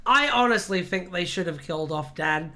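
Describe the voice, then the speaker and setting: Guy on a livestream, bright high voice, keeps laughing, rambly. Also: moderate pace, faint music behind. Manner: animated, laughs often, rambling rants. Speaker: livestream host. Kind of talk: casual livestream chat.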